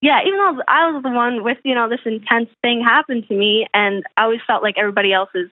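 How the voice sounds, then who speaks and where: A woman calling in to an advice show, talking in a hesitant, halting way with many fillers. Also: a little high, dry recording. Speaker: caller. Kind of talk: call-in phone conversation. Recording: tinny phone line.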